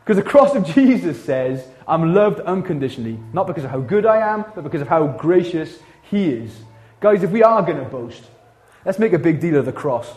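A Welsh man delivers a lively sermon in a church, mixing casual slang with quick asides. He sits a little higher in pitch than most men and keeps things conversational. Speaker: pastor.

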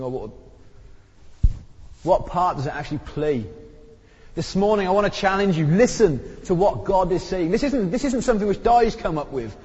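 Preaching a conversational, forceful sermon through a sore throat, this man lifts his pitch whenever he hits a key point. His husky voice is animated and darkish at a moderate pace, echoing with long reverb in a church hall on a dull recording.

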